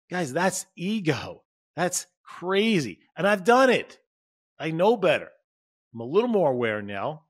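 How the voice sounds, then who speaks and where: Male podcast host, mid-pitched, earnest, animated, dry close-mic studio sound. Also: dry recording. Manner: earnest and animated, acting out scenes with sudden high bursts. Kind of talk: solo motivational podcast talk.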